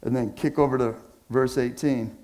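A man preaching a sermon as pastor, casual and conversational with slang, swinging between loud emphasis and hushed low phrases. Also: fairly even intonation, normal speed.

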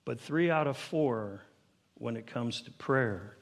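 A man preaching a sermon to his congregation, building to emphatic, higher-pitched peaks and asking them questions directly. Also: animated, slow pace, vocal fry. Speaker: pastor.

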